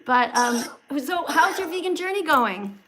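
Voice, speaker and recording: A woman's voice: sits high, expressive, a little slow, background noise. A woman in her sixties hosting a casual livestream, chatty and upbeat, laughing as she greets viewers and reads comments. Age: 60s. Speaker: livestream host. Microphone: phone camera livestream.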